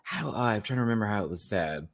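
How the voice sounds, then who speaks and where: A man's voice: on the low side, big pitch swings, quick pace. An American man hosting a casual review show, talking in a campy, exclaiming way full of slang. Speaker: YouTube reviewer host.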